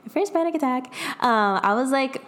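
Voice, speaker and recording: A woman's voice: sits high, lively intonation, normal speed, a bit bright. A young adult woman in casual chat, telling a personal story in a rambling way, full of fillers and laughs. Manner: rambling, lots of "like", laughs often.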